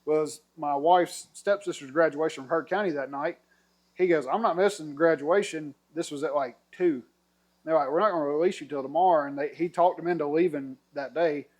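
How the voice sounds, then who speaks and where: Guy spinning a yarn on a podcast, kinda high voice, does all the voices, laughs a lot. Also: brisk. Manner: animated storyteller, acts out quotes, laughs a lot. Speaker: podcast guest telling a story. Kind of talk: casual storytelling over drinks.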